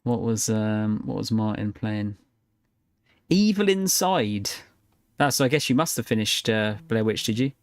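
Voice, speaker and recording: Swearing and laughing freely, a man keeps up laid-back, rambling chatter with viewers while he games live. His voice sits on the low side with big swings in pitch, his pace is measured, and the recording is dry.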